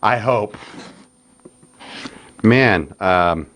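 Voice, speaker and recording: A man hosting his woodworking channel chats casually through an unboxing, narrating his own actions and getting easily amused. His voice is fairly low and a bit bright, with drawn-out words, captured on a phone camera in a noisy recording.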